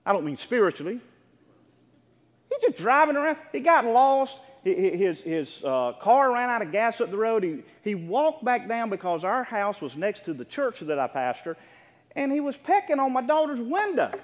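A middle-aged male pastor preaching a sermon to his congregation, telling a story with animation and at times shouting out the lines. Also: high voice. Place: church sanctuary. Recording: echoey hall with long reverb.

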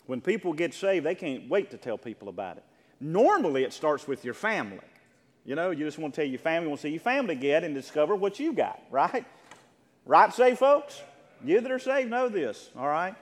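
A man preaching a sermon as pastor, asking the congregation for agreement and rising to loud, emphatic peaks. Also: a little high, big pitch swings, a little fast, long reverb tail.

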